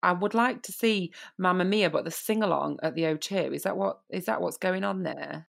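A woman's voice: fairly low pitch, moderate pace, gravelly. A woman co-hosting a podcast in casual, teasing chat, rambling with lots of fillers. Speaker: podcast co-host.

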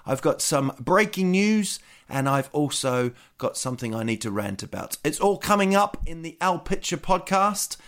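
NZ-accented male podcast host, slightly raised pitch, rambling and jokey. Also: very animated, normal speed, few pauses, a bit bright. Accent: New Zealand. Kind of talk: casual chat.

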